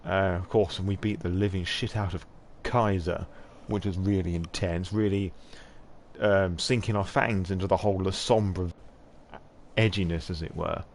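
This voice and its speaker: Guy with a lowish voice chatting away on his stream, swears a lot, laughs a lot, bit of faint hiss behind. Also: steady tone, moderate pace. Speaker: live-stream host. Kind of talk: casual live-stream chat.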